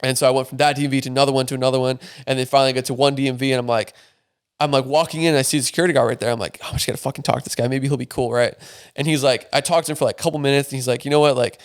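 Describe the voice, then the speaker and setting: A young man with a smooth, mid-range voice and fairly even intonation guests on a podcast. He tells a story in casual chat at a rapid clip, swearing often and stuffing his talk with filler words.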